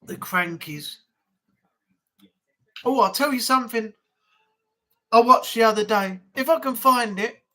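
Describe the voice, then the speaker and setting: A woman's voice: fairly high pitch, a little slow, pauses often, bright, forceful tone, poor audio. Chatty woman hosting a live stream. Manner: rambling, lots of fillers and asides. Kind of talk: casual chat.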